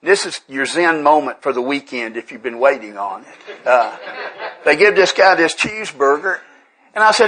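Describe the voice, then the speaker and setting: A man's voice: on the high side, lively intonation, normal speed, fairly bright tone, slightly rough, rough recording. A man with a Tennessee accent speaks to a recovery workshop in a somewhat raised voice. He tells folksy, humorous stories with an earnest drawl and talks straight to the room. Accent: Southern US, Tennessee. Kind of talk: folksy storytelling talk to a live group.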